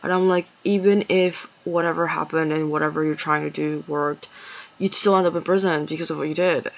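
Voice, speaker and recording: A woman's voice: sits low, steady tone, a little fast, vocal fry, muffled recording. A woman telling a long, rambling story in a casual monologue, swearing often and sounding agitated.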